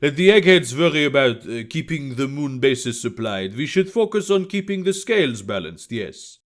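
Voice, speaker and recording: A man's voice: medium pitch, very animated, normal speed, close to an everyday voice. A man voicing a burly, brash French spy with a thick French accent. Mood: brusque.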